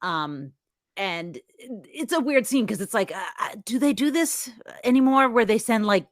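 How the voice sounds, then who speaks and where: A woman co-hosting a casual podcast, retelling a film's plot in a chatty, animated way. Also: on the high side, measured pace, no room sound, studio quality. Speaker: podcast co-host recapping the plot.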